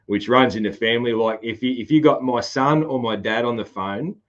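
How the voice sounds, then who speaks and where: A man's voice: mid-range voice, a little fast, fairly bright tone, lo-fi sound. A man with a broad Australian country accent, hosting a casual podcast chat, rambling and laughing often. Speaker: podcast host.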